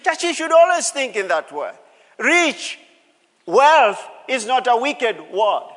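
A male pastor delivers a sermon with a notably high voice, leaning hard on key words and repeating them for the congregation. His voice rings out with the long reverb of a church hall. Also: big pitch swings, slow, fairly bright tone. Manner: emphatic, repeats key phrases, calls out to the congregation.

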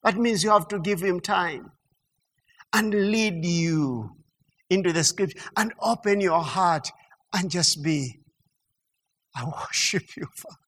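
A man preaching a sermon in an animated way, stammering through restarts and building to emphatic peaks. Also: sits high, slow pace. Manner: animated, mimics mock prayer sounds and laughs. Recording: long hall reverb.

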